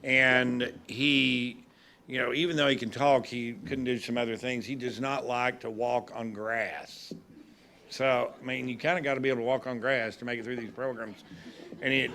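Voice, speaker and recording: A man's voice: medium pitch, sharp tone, slight background noise. A man, a judge giving a folksy, humorous speech at a graduation ceremony.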